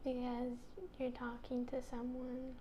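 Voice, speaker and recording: A woman student gives short, tentative answers in a monotone voice that sits a little high. She is slightly off-mic in a room with some echo. A faint noise hangs in the background. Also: a little slow, dull audio. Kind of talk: answering in a language lesson.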